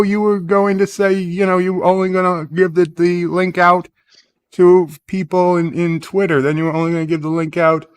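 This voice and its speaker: A man's voice: high voice, clear, resonant tone, no room sound. A man hosting a casual live-stream chat, rambling through a point and reading viewer comments aloud. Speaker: host.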